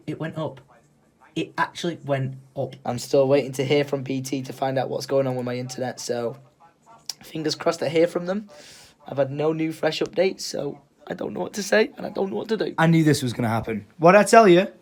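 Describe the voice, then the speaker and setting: A young man from England, telling a story in a casual vlog, animated and swearing freely. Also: on the high side. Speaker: vlogger.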